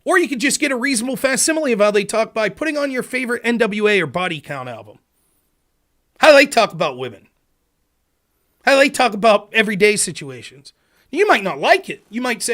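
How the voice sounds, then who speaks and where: Male talk host, higher register, lively pitch swings; argumentative monologue, acts out quotes. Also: quick pace. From Pennsylvania. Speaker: political talk show host. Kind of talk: livestream monologue.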